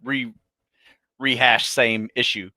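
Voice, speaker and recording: Bright, crisp male podcast co-host. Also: mid-range voice, level tone, takes it slowly, dry recording, studio quality. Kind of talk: casual podcast chat.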